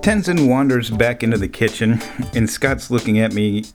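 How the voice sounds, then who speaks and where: A man telling a personal story in a relaxed way, chuckling often between lines. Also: mid-range voice, moderate pace, soft background music. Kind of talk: storytelling anecdote.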